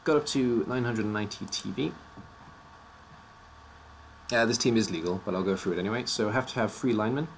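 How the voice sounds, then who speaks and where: A man whose voice sits on the low side speaks fairly quickly but pauses often, with a little hiss or hum audible. Casually presenting teams on a live stream, he sounds somewhat worn out, joking and fumbling strange names.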